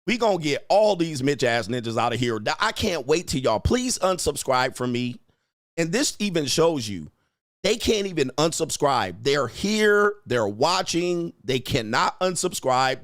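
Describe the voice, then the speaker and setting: A man hosts his own livestream, speaking directly to his viewers in a brash, profane, mocking rant aimed at the chat as he taunts them. His voice is mid-range, captured in a dry, studio-quality recording.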